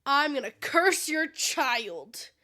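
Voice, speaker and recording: A woman voicing a spiteful, sassy dark fairy while retelling a fairy tale in a podcast chat. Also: high-pitched, big pitch swings, slow pace, full character voice. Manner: sassy, offended. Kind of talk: playful storytelling impression.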